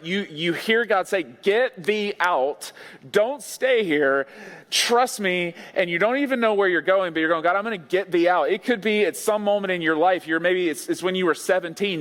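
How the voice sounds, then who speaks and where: In a large church sanctuary full of long hall reverb, a male pastor delivers an earnest, conversational sermon dotted with playful asides. His voice is high-pitched and a bit bright.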